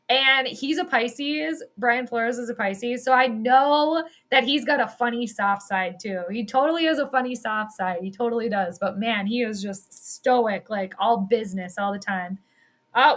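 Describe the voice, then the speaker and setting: A woman giving casual, excitable live play-by-play at home. She chats, swears freely and laughs often. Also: on the high side. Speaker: sports commentator and astrologer. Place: at home in the evening.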